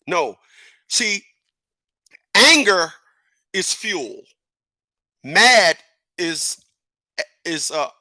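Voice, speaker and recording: A man's voice: high voice, pushed and bright, no room sound. A middle-aged man giving a casual opinion monologue, emphatic and repeating words as he builds his point. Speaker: commentator.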